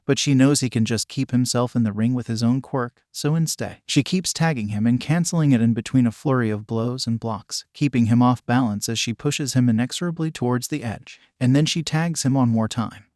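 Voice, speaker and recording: A man reading a fan fiction story aloud with an even storytelling delivery. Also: mid-range voice, brisk, hardly any pauses, dry recording, studio quality.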